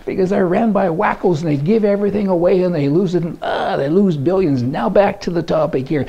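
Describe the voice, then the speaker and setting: A man's voice: sits high, brisk, gravelly, few pauses, mellow, dull audio. A man giving a folksy, indignant, rambling political monologue as a commentary blogger. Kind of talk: opinionated monologue. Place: Canada.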